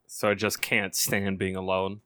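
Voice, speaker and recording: A man's voice: sits low, monotone, a little slow, fairly bright tone, no echo. A man in casual chat, making dry, blunt, teasing remarks.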